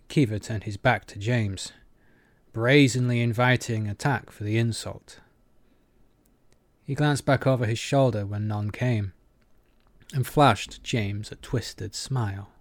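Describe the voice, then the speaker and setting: A man narrating an audiobook in a measured, even manner. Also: on the low side, no echo.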